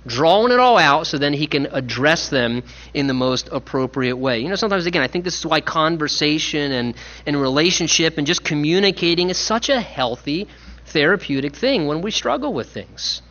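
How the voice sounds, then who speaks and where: A man's voice: fairly high pitch, moderate pace. A man, a pastor, preaching a sermon and acting out the people in the story in his own voice. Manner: animated, acts out biblical voices in his own voice. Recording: lo-fi dull sound.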